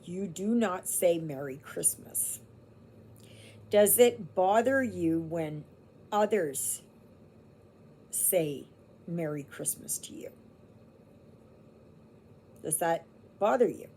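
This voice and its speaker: A woman's voice: lowish voice, slow pace, long pauses, dark tone, husky. A woman from Canada chatting casually to her viewers at home, rambling and laughing easily. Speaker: cross-stitch vlogger.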